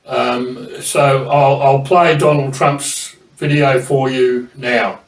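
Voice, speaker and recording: A man presenting at a public meeting, speaking haltingly with many hesitations and restarts. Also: medium pitch, fairly even intonation. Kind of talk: public talk. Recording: distant mic in echoey hall.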